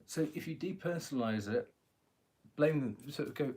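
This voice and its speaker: A man doing a live-stream tarot reading speaks into a phone at a moderate pace, his fairly high, slightly mellow voice full of lively intonation. He jokes around, chats freely, laughs often and swears casually.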